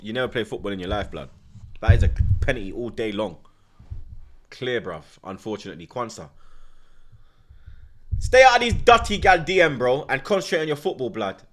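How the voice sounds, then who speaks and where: A young man giving loud, animated live reaction commentary while watching a football match, full of slang and rants. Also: mid-range voice. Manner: animated, ranting, London slang.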